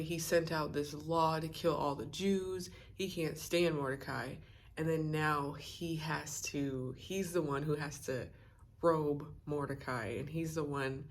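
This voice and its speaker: A young woman with a notably low voice tells a story in a relaxed, chatty way, leaning on "like" and "you know". She talks to her camera while doing her makeup. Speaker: vlogger.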